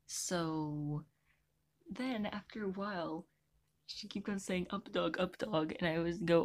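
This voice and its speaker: Slow, rambling woman vlogger. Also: on the low side, fairly even intonation. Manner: rambling and self-mocking. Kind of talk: unscripted story-time rant.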